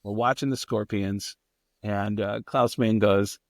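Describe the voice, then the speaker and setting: A man's voice: on the low side, no room sound. A man, a comedian guest on a podcast, telling a rambling, profane story and acting out the people in it. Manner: profane, animated, quick to act out people. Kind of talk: casual storytelling.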